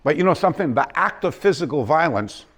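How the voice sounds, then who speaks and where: Fast-talking and a bit bright, this male martial arts instructor has a higher voice with big pitch swings. Teaching a seminar in a dojo, he spins anecdotes, acts out quoted students and keeps restarting.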